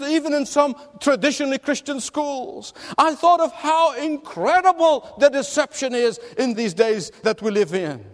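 Preacher, male, very high pitched voice, emphatic storyteller, long hall echo. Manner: emphatic storytelling with rhetorical questions. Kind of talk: sermon.

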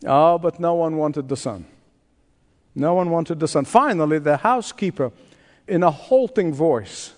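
Pastor, male, unhurried storyteller with lively pitch swings; sanctuary reverb. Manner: dramatic storyteller, acting out the voices in his tale. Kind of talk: sermon storytelling. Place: large church sanctuary. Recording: long hall reverb.

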